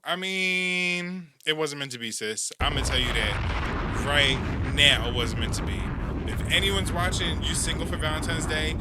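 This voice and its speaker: A man hosting a reaction video talks casually and playfully, adding slangy asides between clips. His voice sits slightly high, and its pitch moves a lot. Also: lively intonation, a little slow, very noisy.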